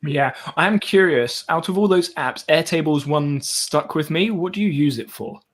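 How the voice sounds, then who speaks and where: A man's voice: fairly high pitch, normal speed. A young man in his twenties with a southeast English accent, chatting casually as host of a live stream, laughing often. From southeast England. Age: 20s.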